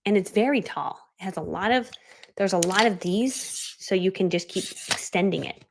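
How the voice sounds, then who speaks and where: A woman's voice: mid-range voice, normal speed, gravelly, a little hiss or hum. A woman coaching viewers through a casual live stream, bubbly and chatty, laughing often and dropping into whispered asides. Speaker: online business coach.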